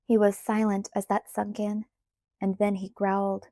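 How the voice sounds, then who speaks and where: A woman reading a novel aloud in the first person, with measured, even storytelling on a close mic. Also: mid-range voice, no room sound. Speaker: audiobook reader.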